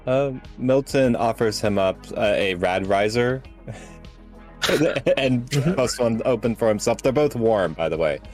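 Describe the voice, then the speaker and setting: A man taking part in a tabletop role-playing game, speaking slowly and unhurriedly. He has a relaxed manner. Faint music plays in the background. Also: medium pitch. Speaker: player. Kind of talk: casual tabletop play.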